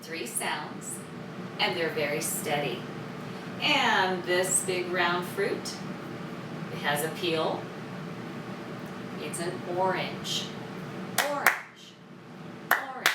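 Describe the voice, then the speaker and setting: A woman's voice: lowish voice, extremely slow, long pauses. A woman teaching a children's music lesson, cheerful and sing-song, clapping out the words as she goes. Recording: roomy, distant mic, loud background noise.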